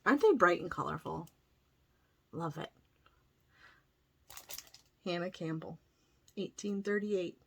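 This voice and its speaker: A woman's voice: fairly low pitch, slow pace, vocal fry, long pauses, a little hiss or hum. A middle-aged woman chatting casually as a cross-stitch vlogger, enthusiastic and full of self-corrections. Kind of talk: casual chat showing a haul.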